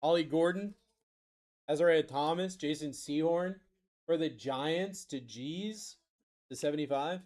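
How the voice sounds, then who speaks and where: A man's voice: a little high, unhurried, a little mellow. A man hosting a live card break stream, reading out player names and answering chat. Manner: rattles off player names, reads chat aloud.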